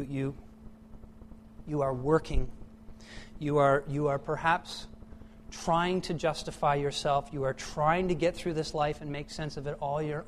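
A middle-aged pastor delivers a sermon with a high voice and a slow, deliberate pace. He drops to hushed tones, then builds to loud, emphatic peaks. Faint room noise sits behind him in the church.

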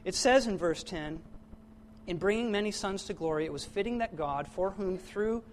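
A man's voice: sits high, moderate pace, a little hiss or hum. A man preaching a sermon in an earnest way, often repeating words and correcting himself as he goes.

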